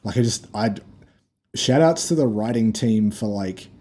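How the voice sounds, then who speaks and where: A man talks through a video game with his co-host, in a loose and rambling way, full of fillers and restarts. His voice is low and mellow with a husky edge. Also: animated, unhurried. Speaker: podcast co-host. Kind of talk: casual chat about a video game.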